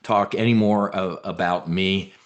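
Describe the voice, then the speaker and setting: A man's voice: sits low, steady tone, a little slow, muffled recording. A middle-aged man hosting a live trading webinar, brash and blunt, swearing now and then and using military slang.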